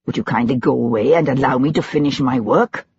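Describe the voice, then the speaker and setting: A narrator voicing a curt, dismissive middle-aged French diplomat with a French accent, on a dull lo-fi recording. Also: male voice, medium pitch, fairly quick, creaky, darkish tone, slight background noise, pitched below the performer's own voice, natural voice. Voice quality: dismissive, clipped.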